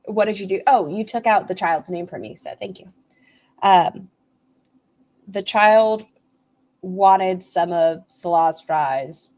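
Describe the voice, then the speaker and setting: A woman's voice: on the low side, slow, pauses often, darkish tone. A woman hosting a livestream commentary, making blunt, sarcastic remarks and reading out poll results. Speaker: commentary streamer.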